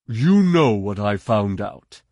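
A man voicing a sly, smooth-talking male security officer, amiable on the surface and quietly menacing. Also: on the low side, big pitch swings, takes it slowly, no echo, dull audio, heavily acted.

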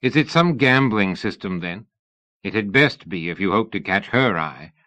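A pompous, sullen middle-aged gentleman, as a male narrator voices him, quick to take offence and haughty in his speech. The voice is low, and the recording is dry with a dull, muffled tone. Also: lively intonation, no echo. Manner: pompous, huffy.

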